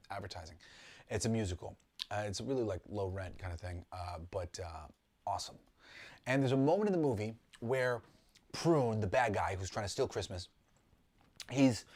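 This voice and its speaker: A man teaching a spiritual class in a loose, conversational way. He talks from the heart and circles his points with plenty of ums, uhs and false starts. His pitch sits at a middle level for a man. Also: darkish tone. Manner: rambling, heartfelt, many ums and restarts. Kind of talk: casual spoken lesson.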